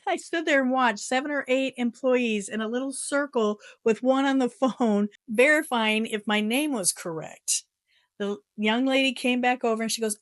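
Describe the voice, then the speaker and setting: A middle-aged American woman living in Japan, telling a story in a casual vlog with an animated, exasperated manner and frequent laughs. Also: on the high side, moderate pace, no room sound, studio quality. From United States. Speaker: vlogger. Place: her home in Japan.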